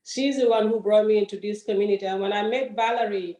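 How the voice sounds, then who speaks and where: A woman's voice: medium pitch, steady tone, fast talker, warm tone. Woman from Gambia, grateful and hesitant, echoey video-call room. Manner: grateful, hesitant, many restarts. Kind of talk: personal story in a group session.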